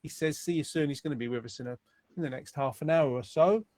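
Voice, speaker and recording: A man with a fairly high voice hosts a live online chat show. He sounds upbeat and chatty as he reads out viewer greetings. The sound is dry and close. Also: fast talker, warm tone, no room sound. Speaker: host.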